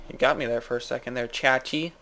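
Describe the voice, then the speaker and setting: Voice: medium pitch, fairly even intonation, fast, bright, forceful tone, slight background noise. A gaming video host giving goofy, rambling let's-play commentary, saying "like" a lot and jumping to sudden yelps. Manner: jumps to yelps and squeals.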